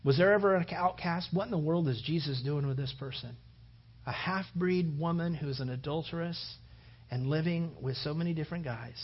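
A pastor preaching a sermon in a high, light voice. He tells stories quietly, then rises into loud, emphatic preaching. The recording is dull and a bit lo-fi. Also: a little fast, breathy edge.

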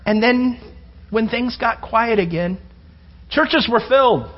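A man preaching a sermon, telling Bible stories with animated energy and rhetorical questions. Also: extremely high pitch, takes it slowly. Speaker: pastor. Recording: dull lo-fi sermon recording.

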